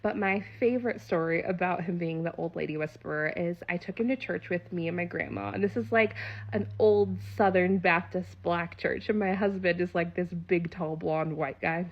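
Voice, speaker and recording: A woman's voice: on the low side, steady tone, moderate pace. Young woman, chatty storyteller, lots of fillers and laughs, dull lo-fi sound. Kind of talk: casual storytelling.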